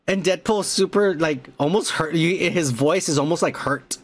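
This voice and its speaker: Man, podcast host, casual movie recap, excitable, swears a lot, fairly high voice. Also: measured pace. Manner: excitable, profane, rambling with restarts.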